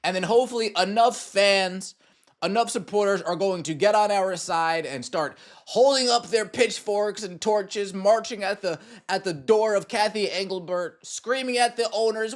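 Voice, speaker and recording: A man's voice: high-pitched, moderate pace. A man hosting a sports podcast, giving opinionated commentary and mocking the people he talks about. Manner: mocking, acts out sarcastic voices. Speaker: podcast host.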